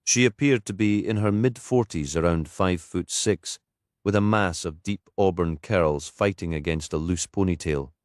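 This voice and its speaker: A man reading a crime novel aloud in steady, scripted audiobook narration. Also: deep voice, moderate pace, no echo, studio quality.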